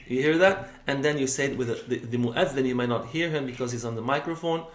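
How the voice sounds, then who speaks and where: Speaking quickly in a mid-range voice, a man lectures a class on Islamic law. His explanation proceeds step by step, punctuated by frequent "okay?" checks and switches from English into recited Arabic text. The audio is roomy, with a faint layer of background noise.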